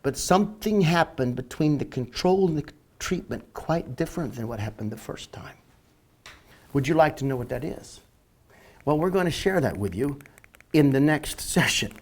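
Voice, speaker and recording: Emphatic man lecturing, voice a bit high. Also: animated. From northern Canada. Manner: emphatic, slows down to stress key words. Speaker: marketing educator. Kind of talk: lecture to online viewers. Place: Florida, near the beach.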